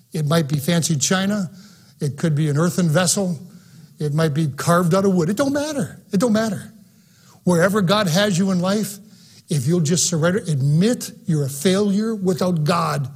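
A man preaching a sermon in an auditorium, fervent and emphatic, swinging between soft and loud passages. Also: on the high side, slightly rough. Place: auditorium, live-streamed.

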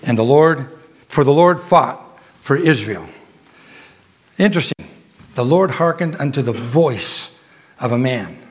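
A middle-aged man preaching a sermon, halting with restarts and fillers, then swelling with fervent emphasis. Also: mid-range voice, expressive, breathy edge.

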